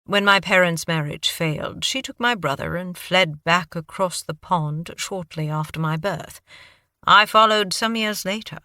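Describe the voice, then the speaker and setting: A man's voice: sits high, unhurried, bright, forceful tone, no echo, studio quality, full character voice. A woman doing an urbane British scholar. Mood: wry. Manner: urbane, self-deprecating. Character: refined British-raised male scholar, wry.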